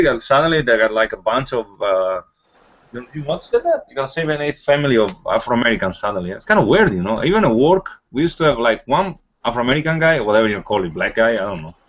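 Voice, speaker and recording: A man's voice: sing-song, brisk, fairly bright tone. Rambling man with an Italian accent. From Europe. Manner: rambling, repeats "you know what I mean". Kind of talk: casual chat. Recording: dull low-fi podcast audio.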